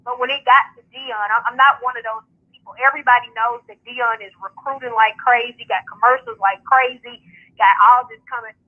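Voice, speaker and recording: Woman, fairly high voice, husky, phone-line sound, upbeat casual chat. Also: fairly even intonation, brisk. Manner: upbeat, talks in long runs with fillers. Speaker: founder and host of a sports media outlet, radio guest. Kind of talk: casual radio call-in chat.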